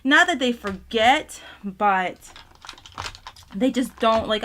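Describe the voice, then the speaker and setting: A woman's voice: fairly high pitch, measured pace, fairly bright tone, a little hiss or hum. A young woman vlogging casually while doing her makeup at home, rambling with lots of fillers as she talks about being grateful and sometimes near tears. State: tearful at times. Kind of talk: casual get-ready-with-me chat.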